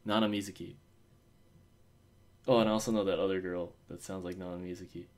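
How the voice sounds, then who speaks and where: A man's voice: deep voice, steady tone, a little fast, darkish tone. A man co-hosting a casual fan podcast, rambling with many fillers and restarts. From Osaka. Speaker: podcast co-host.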